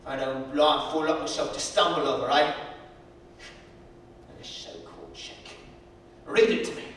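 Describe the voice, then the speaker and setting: A man on a theatre stage playing an old blind male pencil peddler who talks in a gruff, rustic way, slow and mournful. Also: medium pitch, steady tone, a bit bright, a little hiss or hum, lightly acted. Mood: weary. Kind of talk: stage recital acting. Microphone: distant room mic. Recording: echoey hall from far off.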